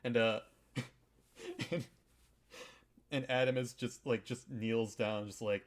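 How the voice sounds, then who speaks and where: A man's voice: medium pitch, takes it slowly, pauses often. Rambling, irreverent man podcast host. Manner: rambling and irreverent, with frequent swearing and filler words. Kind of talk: casual chat recapping a video game.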